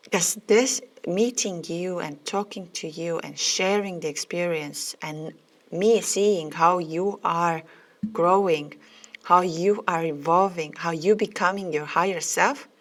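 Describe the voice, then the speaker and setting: Low gravelly-voiced woman podcaster, earnest. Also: fairly bright tone. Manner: earnest, heartfelt, repeats phrases, non-native phrasing. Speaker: podcast host and twin flame coach. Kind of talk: spiritual podcast monologue.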